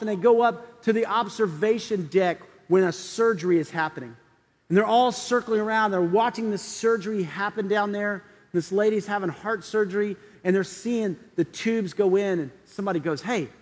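Pastor guy with a high voice telling a story then pushing his point hard, big echoey hall. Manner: storytelling, acting out quoted voices, building to urgent appeals. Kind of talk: sermon.

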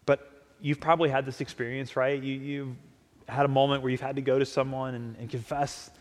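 A pastor delivers a conversational sermon, frequently acting out imagined dialogue. His medium-pitched voice moves little in pitch and runs fairly quick, with a long hall reverb on the recording.

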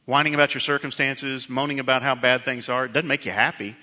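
Middle-aged male pastor, bright voice, easygoing storytelling sermon, dull hall recording. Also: medium pitch, fairly even intonation, quick pace. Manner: conversational storytelling preacher, self-deprecating. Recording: dull reverberant hall sound.

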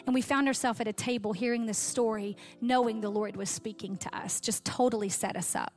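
Woman, pastor's wife, raised voice, preaching a testimony over soft music. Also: on the high side. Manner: heartfelt storytelling, voice catching with emotion. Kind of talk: sermon testimony.

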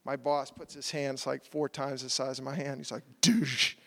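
A man giving a sermon testimony in animated storytelling style, acting out his own quotes, at times loud and at times soft. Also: medium pitch, normal speed, creaky, big-room sound. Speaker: preacher sharing a testimony.

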